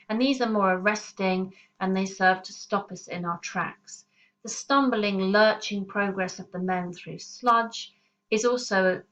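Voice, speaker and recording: A woman teaching English literature in a recorded lesson, explaining in a measured way and stressing key terms. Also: medium pitch, fairly bright tone, poor audio.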